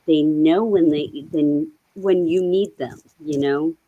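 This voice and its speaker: A woman on a video call, chatting casually and telling rambling, animated stories. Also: low-pitched, slow, muffled recording. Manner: rambling, animated storytelling with laughs. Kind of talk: casual chat.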